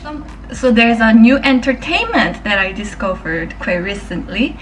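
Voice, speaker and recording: A woman's voice: a little high, normal speed, a little hiss or hum. Woman vlogging from a distance. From Korea. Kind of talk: casual vlog chat. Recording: distant mic with music. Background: background music.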